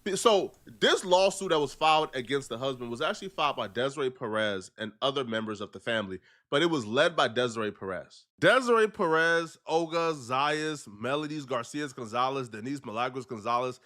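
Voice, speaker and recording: Male commentary narrator, bright and forceful tone, casual delivery. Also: medium pitch, lively intonation, a little fast, few pauses. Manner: conversational, reads out claims with commentary. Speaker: video narrator. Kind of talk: casual commentary on a court case.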